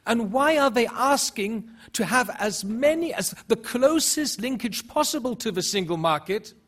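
A man whose first language is German speaks to an audience at a public debate. His voice is high and husky. He presses his points with rhetorical questions and stumbling restarts. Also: lively intonation, normal speed, fairly bright tone. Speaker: panel speaker.

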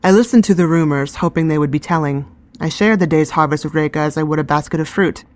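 Woman reading a fantasy story, low calm voice, first person. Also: quick pace. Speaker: narrator. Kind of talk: scripted first-person narration.

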